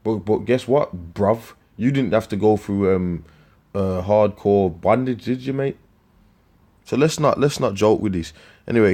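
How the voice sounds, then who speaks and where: Guy ranting scripture, low voice, swears a lot, trips over his words. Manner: profane, scornful, swings into loud outbursts; slangy, fast restarts and repeated words. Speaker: street preacher.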